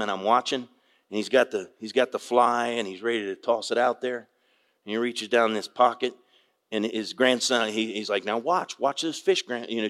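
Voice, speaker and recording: Older male pastor preaching in an echoey hall. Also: on the low side. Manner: animated storytelling, acts out quoted voices, folksy. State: tearful at moments. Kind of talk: sermon with storytelling.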